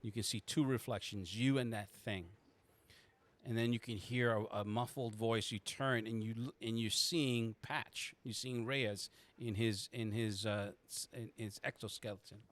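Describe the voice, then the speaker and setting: A man's voice: on the low side, steady tone, unhurried, a bit bright. A man running a tabletop game as game master, narrating in the second person with frequent halts and restarts.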